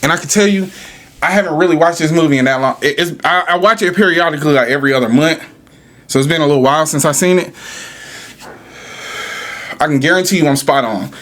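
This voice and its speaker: A man rants on his podcast in a fairly high voice. He is animated and profane, firing rhetorical questions and answering them himself. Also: fast talker, pauses often. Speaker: podcast host. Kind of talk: casual podcast rant.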